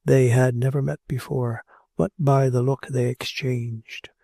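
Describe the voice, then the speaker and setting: A man narrating a classic novel as an audiobook, in a measured and steady storytelling manner. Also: medium pitch, gravelly, dry recording, studio quality.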